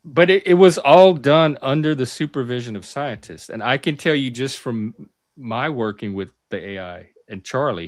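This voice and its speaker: A man's voice: mid-range voice, no echo, studio quality. A man hosting a casual discussion, arguing his view emphatically and often repeating his first words as he starts a thought. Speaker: host.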